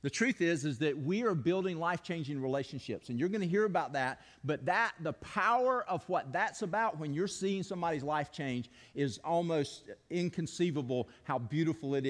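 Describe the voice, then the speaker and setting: A man preaching a sermon as pastor, telling stories earnestly and leading the congregation in call-and-response. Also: fairly high pitch. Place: church sanctuary. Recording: long hall reverb.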